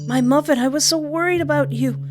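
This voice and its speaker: A woman's voice: high voice, brisk, voice pushed up, natural voice. A woman voicing an obsessive, doting young man who pleads and fusses, over background music. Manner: pleading, clingy.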